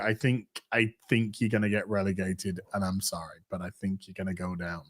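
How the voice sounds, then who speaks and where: A man's voice: fairly low pitch, flat delivery, normal speed, few pauses, a bit bright. A man hosting a casual show, reading viewer messages in a dry, offhand way. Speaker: podcast host reading donations. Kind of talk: casual chat.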